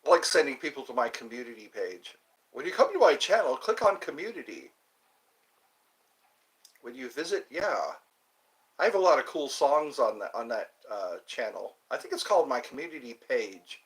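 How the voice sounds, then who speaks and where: A man's voice: medium pitch, animated, moderate pace, a bit bright. A man streaming live, rambling and joking as he chats with his viewers. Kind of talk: casual live-stream chat.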